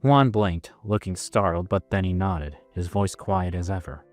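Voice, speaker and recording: A man's voice: low voice, fairly even intonation, unhurried, soft background music. A man narrating a story in the first person, in a casual, self-mocking manner.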